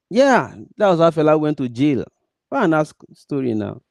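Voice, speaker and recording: A man's voice: fairly high pitch, lively intonation, moderate pace, a little mellow, no echo, muffled recording. A man with a Nigerian accent mixing Pidgin into English, giving earnest commentary and pleading with emphatic, repeated stresses. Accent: Nigerian, Pidgin-mixed English. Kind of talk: direct-address commentary.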